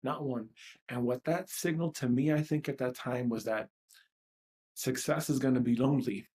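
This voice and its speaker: A man's voice: mid-range voice, normal speed, a little mellow. A man in his thirties with a mid-range voice, speaking from New York in a raw, profane, emotional outpouring. He repeats lines for emphasis as he leads a tapping session. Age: 30s. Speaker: EFT tapping coach. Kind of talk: emotional personal monologue.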